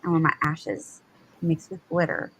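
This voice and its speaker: A woman's voice: low-pitched, little pitch movement, measured pace, fairly bright tone, slight background noise, low-quality recording. A woman, telling a personal story in casual chat and acting out quotes. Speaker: live show co-host.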